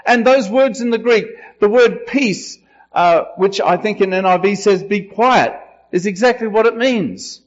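A man preaching a sermon with slow, emphatic delivery, his voice rising when he quotes. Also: high-pitched, lively intonation, muffled recording. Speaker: pastor.

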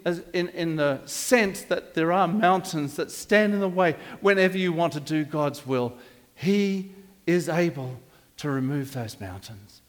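An older male pastor delivers a sermon, his voice pitched notably high for a man. He rambles, drifts into side stories and trips over restarts. The sound rings with long reverb in the church hall. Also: a bit bright. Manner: rambling, digressive, with frequent restarts.

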